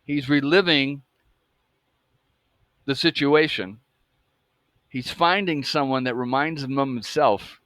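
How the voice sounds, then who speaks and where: A man's voice: medium pitch, slow pace, pauses often, fairly bright tone, no echo. A man in his fifties from the US South, talking in an emphatic, profane monologue that keeps checking in with his listeners. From Atlanta, US South. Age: 50s. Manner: emphatic, profane, keeps asking "okay?" and "folks". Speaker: true-crime channel host. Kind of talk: casual monologue.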